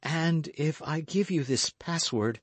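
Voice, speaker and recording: A man's voice: on the high side, slow pace, no echo, voice pushed up. A man voicing an anxious, frightened young Frenchwoman in an audiobook reading, speaking urgently and pleadingly.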